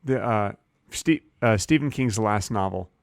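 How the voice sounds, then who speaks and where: A man in his fifties co-hosting a comedy podcast, playing dumb in a deadpan way with absurd claims. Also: lowish voice, a little slow, vocal fry, no echo, studio quality. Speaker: podcast co-host. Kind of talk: improvised comedy chat.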